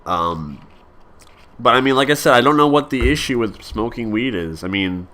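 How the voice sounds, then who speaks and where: Bright-voiced young man rambling. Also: mid-range voice, expressive, moderate pace. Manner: rambling, many fillers and restarts. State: coughing. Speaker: vlogger. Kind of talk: casual rambling monologue.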